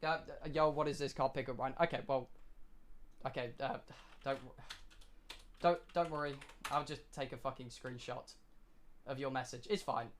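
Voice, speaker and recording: A young British man streaming live, telling a story to his chat in an excitable, swearing way with dramatic pauses. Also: mid-range voice, a little hiss or hum. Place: home streaming room.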